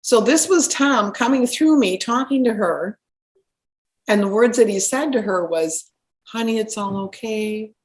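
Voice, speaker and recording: A middle-aged woman, a spiritual healer, earnestly telling a personal story with animated restarts. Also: on the high side, unhurried.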